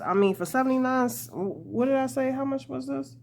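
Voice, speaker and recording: A woman's voice: a little high, normal speed, hardly any pauses. A young woman hosting a casual crochet tutorial, chatty and laughing often as she talks to her viewers.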